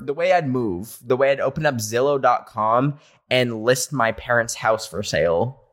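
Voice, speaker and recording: A man's voice: mid-range voice, normal speed. A man hosting a podcast in a casual chat, talking in a playful way with dramatic exaggeration and frequent laughs. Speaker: podcast host. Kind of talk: casual podcast chat reading listener stories. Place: home in a big city.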